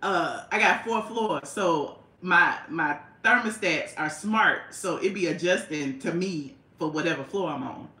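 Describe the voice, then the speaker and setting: A woman's voice: on the low side, measured pace, hardly any pauses, bright, forceful tone, roomy sound. A woman hosting a casual livestream from her home, chatting with viewers and calling them child and honey. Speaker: YouTube host.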